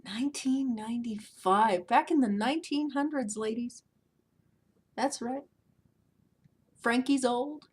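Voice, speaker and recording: A woman's voice: a little high, slow, pauses often, breathy edge. A woman in her thirties talking casually to camera at home, chatty and self-mocking, often laughing. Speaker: beauty vlogger. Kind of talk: casual vlog chat.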